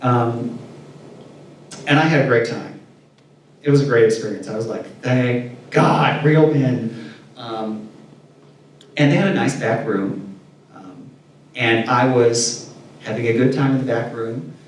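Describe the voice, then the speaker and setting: A man's voice: mid-range voice, measured pace, pauses often, slight background noise. Man telling stories in an echoey room. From Indiana, USA. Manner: candid, animated storytelling with acted-out quotes. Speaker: interview guest. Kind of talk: casual storytelling interview. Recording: distant mic in echoey room.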